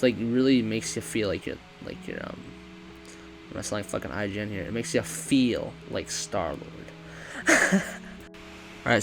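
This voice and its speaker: Lowish-voiced dude ranting about a game, lots of swearing, keeps correcting himself. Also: male voice, creaky, poor audio. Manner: rambling, profane, self-correcting. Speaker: game reviewer. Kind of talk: casual game review rant.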